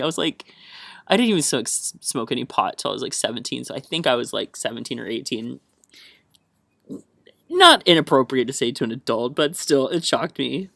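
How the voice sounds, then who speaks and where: A man's voice: mid-range voice, expressive, moderate pace, a bit bright, dry recording. A young man from the American South talks on a solo podcast in a chatty, rambling way, laughing often. He sounds wired on caffeine, and his mid-range voice is recorded close and dry. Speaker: podcast host.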